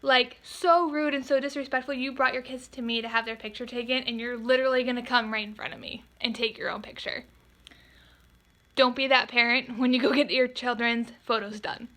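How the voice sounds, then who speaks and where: This woman photographer's voice is a little high as she tells her storytime vlog. She's animated and exasperated, quoting customers in speedy voices.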